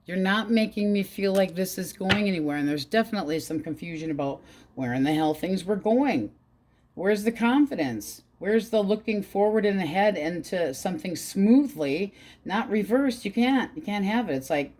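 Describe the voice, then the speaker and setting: Woman, low voice, casual tarot reader, blunt and profane. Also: animated, normal speed, darkish tone. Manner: blunt, swears freely, quotes in exaggerated voices.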